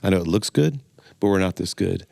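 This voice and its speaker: A man's voice: sits low, lively intonation, brisk, creaky, mellow, no room sound, studio quality. A middle-aged man from Louisiana, a pastor and guest telling folksy stories in a casual interview. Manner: folksy storyteller, laughs easily.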